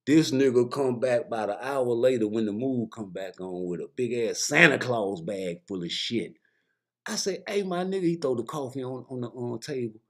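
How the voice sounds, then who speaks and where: Male vlogger, Michigan accent, casual animated storyteller, mid-range voice. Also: mid-range voice, normal speed. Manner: animated, mimics voices in stories, laughs often.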